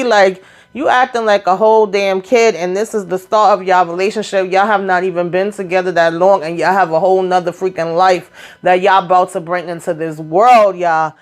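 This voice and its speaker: A woman hosting a casual reality TV recap, animated and sassy, acting out what the cast members said. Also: fairly low pitch, normal speed.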